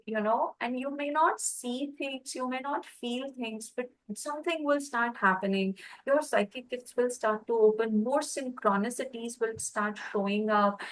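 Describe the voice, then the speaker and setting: A woman teaching a Reiki class, telling personal stories in a lively way and acting out the voices of the people in them. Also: a little high, poor audio. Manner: lively storyteller, acts out quoted voices.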